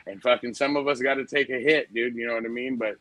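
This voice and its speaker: A man's voice: mid-range voice, fairly even intonation, fast, a bit bright, no room sound, faint music behind, rough recording. A man in his forties chatting casually on a podcast, rambling through profane anecdotes and calling everyone dude. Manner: profane, rambling storyteller, says dude a lot. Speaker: podcast host. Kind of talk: casual chat.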